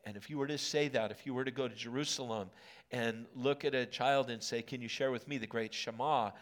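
Man preaching a lively sermon. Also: mid-range voice, brisk. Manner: animated preaching, swings from hushed to emphatic. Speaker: pastor. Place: church auditorium.

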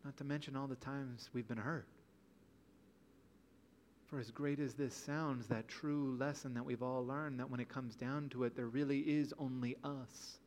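A man's voice: medium pitch, fairly even intonation, moderate pace, darkish tone, slight background noise. A man preaching a sermon in an earnest, pleading way, full of rhetorical questions. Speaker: pastor.

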